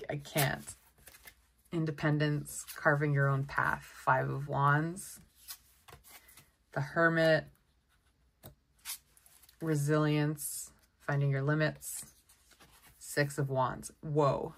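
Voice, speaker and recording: A woman giving a casual tarot deck walkthrough, chatty and excitable, often exclaiming over the cards. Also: low voice, slow, creaky, pauses often. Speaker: tarot content creator.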